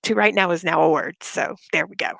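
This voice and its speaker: Gravelly-voiced woman ranting on a live stream. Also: lowish voice, a little fast, a bit bright, dry recording. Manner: blunt, profane, fired-up. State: sick with covid, short of breath. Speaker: livestreamer. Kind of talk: casual live-stream rant.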